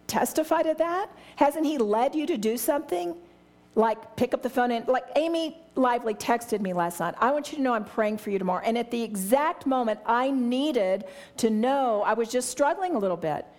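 Speaking at a fairly high, slightly mellow pitch, a middle-aged woman teaches the Bible with eager excitement. She exclaims often and acts out short scenes, giving characters their own voices.

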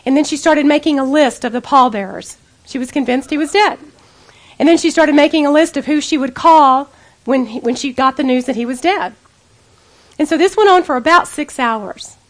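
A woman giving an earnest personal testimony sermon to women, storytelling intimately and pleading with the listeners. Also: high voice. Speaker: women's speaker.

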